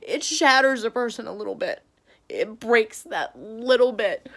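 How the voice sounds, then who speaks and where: A woman's voice: on the high side, expressive, a little slow, gravelly, a bit bright. A middle-aged woman vlogging about a hard day, tearful and upset, talking in bursts with nervous laughs. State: tearful after crying. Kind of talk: emotional personal vlog.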